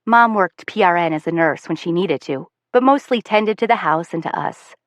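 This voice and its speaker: A woman's voice: fairly low pitch, animated, normal speed, no room sound. Casting: female audiobook narrator, first-person novel, wry and conversational, dry close sound. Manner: wry, self-aware, conversational.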